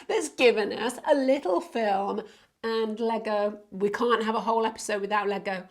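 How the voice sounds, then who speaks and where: A woman's voice: medium pitch, normal speed. A woman minister hosting a children's show, talking in a playful, exclaiming way. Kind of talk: lively children's presenting.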